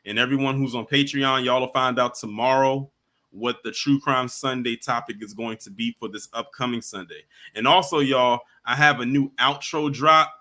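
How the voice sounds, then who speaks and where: A man's voice: mid-range voice, moderate pace. A man hosting a livestream, chatting casually with viewers and wrapping up the show. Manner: relaxed, chatty, gives shout-outs. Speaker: livestream host.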